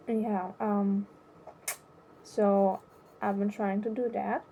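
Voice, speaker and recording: Slow, hesitant young woman vlogger. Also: mid-range voice, little pitch movement, mellow. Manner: hesitant, halting, many restarts. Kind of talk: personal confessional monologue.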